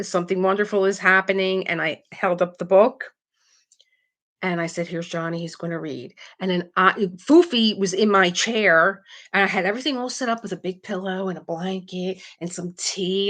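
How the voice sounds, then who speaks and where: A middle-aged woman with a slightly low voice runs a casual live craft stream, talking a bit quickly. She's animated, reads viewers' comments out loud, and laughs a lot.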